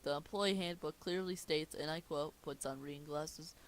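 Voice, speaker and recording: A man's voice: a little high, steady tone, normal speed. A young man reading a cartoon movie script aloud for laughs, often stumbling, restarting and commenting on the text. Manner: stumbling, amused, self-interrupting. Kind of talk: comedic script read-through.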